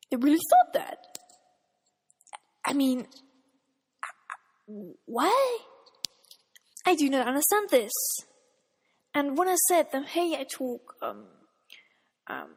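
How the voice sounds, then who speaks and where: A woman's voice: sits high, big-room sound. A woman from Austria, a German speaker, vlogging in a casual, exasperated and incredulous tone. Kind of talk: casual ranting vlog.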